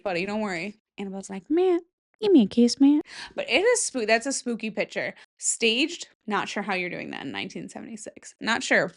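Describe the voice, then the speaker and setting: A young woman hosting a solo podcast, chatting casually, swearing freely and reacting out loud as she goes. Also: medium pitch. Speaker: podcast host.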